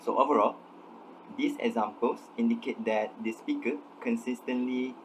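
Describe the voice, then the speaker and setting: A young man giving a scripted academic presentation on pronunciation, measured and explanatory as he reads through examples. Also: on the low side, background noise. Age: young adult. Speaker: student presenter.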